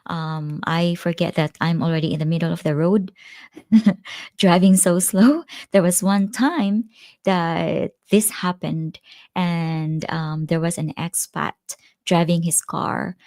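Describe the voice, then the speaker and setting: Slow, low-voiced woman chatting on a livestream. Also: steady tone, darkish tone, no echo, clean studio sound. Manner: chatty, laughs often, reads viewer comments aloud. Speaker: livestream host. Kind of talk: casual live-stream chat.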